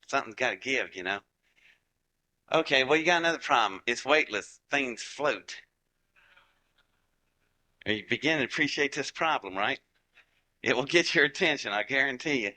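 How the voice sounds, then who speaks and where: Southern US man, live-audience speaker; sharp bright tone, mid pitch, chatty folksy storytelling with jokes. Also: animated, moderate pace, pauses often. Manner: chatty, joking asides to the crowd.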